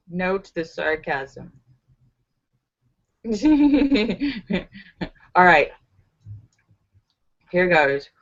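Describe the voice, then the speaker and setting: A woman with a mid-range voice hosts a relaxed live stream, reading viewer comments, giggling often and using fillers and restarts. Her pitch swings widely, she draws out words and pauses often, and the lo-fi audio is a little dull.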